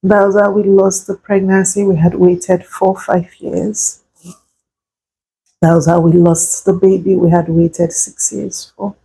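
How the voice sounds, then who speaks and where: A woman in her thirties telling a painful personal story, slow and halting, tearful at times. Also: medium pitch, little pitch movement, gravelly, dark tone, husky, rough recording. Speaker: vlogger sharing a personal story.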